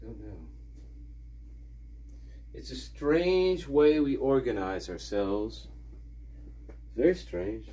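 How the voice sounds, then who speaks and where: A man's voice: mid-range voice, animated, drawn-out words, long pauses, mellow. A man chatting casually on a livestream, rambling and musing with some profanity. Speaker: streamer.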